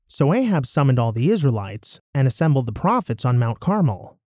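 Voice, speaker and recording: A man narrating a scripture passage in a measured, expressive way, his pitch moving widely across phrases. His tone is mellow and soft-edged. The recording is dry and close, with no room sound. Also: dry recording. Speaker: scripture reader.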